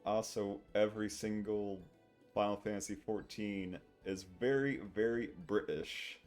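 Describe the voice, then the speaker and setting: A man's voice: fairly low pitch, steady tone, measured pace, darkish tone, soft background music. A male streamer giving casual, rambling gaming commentary into a desk microphone, laughing often.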